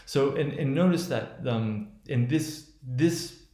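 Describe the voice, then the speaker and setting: A man lecturing on how a speech is built and spoken. He talks haltingly, with many restarts and fillers, and often checks in with "right?". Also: medium pitch, warm tone, echoey room. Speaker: teacher.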